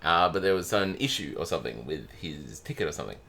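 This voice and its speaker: Deep gravelly guy on a podcast, tells stories, laughs a lot, voice jumps around. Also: big pitch swings, fast, bright, forceful tone, a little hiss or hum. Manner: chatty storyteller, laughs often. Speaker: podcast co-host. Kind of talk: casual chat.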